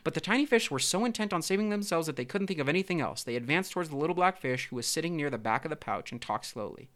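A man reading a children's story aloud with expressive, steady narration. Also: on the high side, fast, hardly any pauses.

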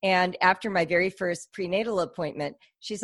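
A middle-aged woman talking as a podcast guest, her voice sitting a touch low. She is thoughtful and expressive, with a storyteller's manner. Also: brisk, few pauses. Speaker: guest, homeschool author. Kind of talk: podcast interview.

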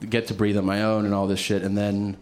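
A man's voice: lowish voice, fast. Man telling a story with laughs. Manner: laughing often, animated quoted voices, frequent fillers. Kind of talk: casual storytelling.

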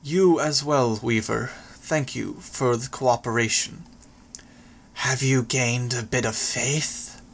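A man voicing a soft-spoken adult male who calls himself a madman, in an audiobook reading. He speaks slowly and quietly. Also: mid-range voice, steady tone, vocal fry. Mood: calm farewell. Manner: slow, measured, quiet delivery.

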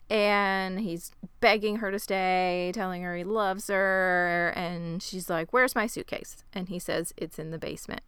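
A woman with a bright, crisp voice recaps a show for her co-host in casual chat. She tells it wryly, drops sarcastic asides and acts out the lines as she goes. The sound is close and dry. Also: lowish voice, fairly even intonation, a little slow, hardly any pauses, dry recording. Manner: wry, sarcastic storytelling, acting out lines.

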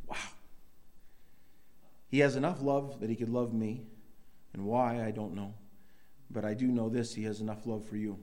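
A middle-aged man delivering a sermon to his congregation. He talks casually, with frequent restarts, then swells into emphatic bursts. His voice sits at an ordinary, medium pitch. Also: unhurried, pauses often, darkish tone. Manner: conversational preaching with many restarts, rising to emphatic bursts. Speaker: pastor.

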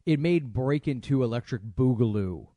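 A man's voice: mid-range voice, expressive, normal speed, warm tone, no echo. Joking male podcast co-host, dry sound. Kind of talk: casual podcast chat.

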